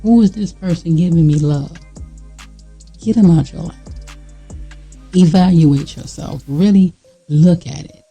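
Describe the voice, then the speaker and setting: A vlogger talks straight to the viewer in a raw, emphatic monologue, slangy and repetitive. The voice is deep in tone, mellow and husky. Soft music plays faintly in the background. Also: unhurried, rough recording. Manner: emphatic, blunt and preachy, talking straight to the viewer; casual slangy speech with fillers and repeats. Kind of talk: candid motivational monologue.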